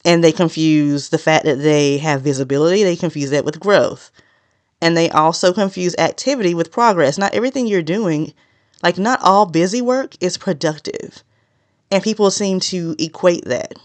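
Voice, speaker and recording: A woman hosting a solo podcast, talking straight to her listeners in a direct, no-nonsense way and consciously slowing a naturally fast delivery. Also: fairly low pitch, no room sound. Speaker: podcast host.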